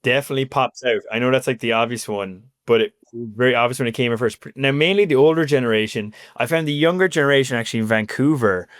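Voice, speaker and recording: A man's voice: mid-range voice, clean tone, no echo. Irish man with a Cork accent, chatty guest, lots of fillers, dry close mic. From Cork, Ireland. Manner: chatty, many "like" and "you know" fillers, quick. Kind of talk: casual interview chat.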